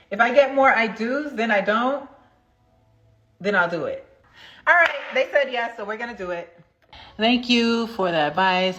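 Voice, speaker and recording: A woman's voice: medium pitch, a bit bright. A woman hosting a casual livestream, talking straight to viewers and chanting affirmations while counting out jump squats. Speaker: livestream host. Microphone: phone.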